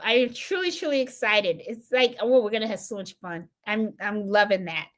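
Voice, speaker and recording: Woman host from Puerto Rico, chatty live stream, slightly high voice, plenty of "you know"s. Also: a little fast, hardly any pauses, a bit bright. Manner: chatty, greets viewers and reads chat comments aloud; lots of fillers and repeated words. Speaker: embroidery channel host. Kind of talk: casual live stream chat.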